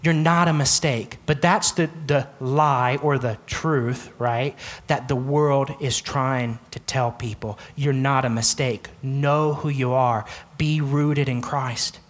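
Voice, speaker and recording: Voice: mid-range voice, fairly even intonation, slow, few pauses. A pastor preaching an earnest sermon, addressing the congregation directly and repeating key phrases for emphasis.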